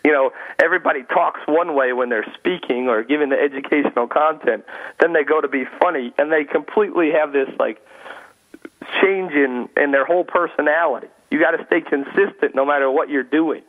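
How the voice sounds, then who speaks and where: A man calling into a radio show as a guest, telling stories in an animated, chatty way. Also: fairly high pitch, a little fast. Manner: animated storyteller, frequent "you know" fillers. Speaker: guest speaker and comedian. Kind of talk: casual radio interview. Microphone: phone call-in. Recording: tinny phone line.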